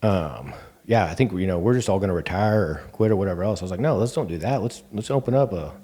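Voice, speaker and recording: This Texan from the Panhandle, a bank CEO appearing as an interview guest, talks fast in a low, mellow, slightly rough voice. He tells stories with energy, plays every quoted line in his own voice, and leans on lots of ums and you-knows.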